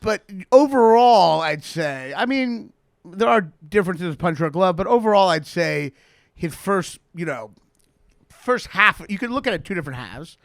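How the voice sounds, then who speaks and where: A man hosting a podcast, talking fast and animated with a slight lisp, teasing his guest and laughing often. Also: sits high, vocal fry, no echo, clean studio sound. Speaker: podcast host. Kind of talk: casual chat.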